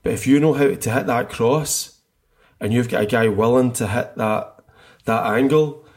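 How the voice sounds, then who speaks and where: A man's voice: mid-range voice, normal speed. A middle-aged man co-hosting a casual football chat, enthusiastic and rambling, often restarting his sentences. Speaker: podcast co-host.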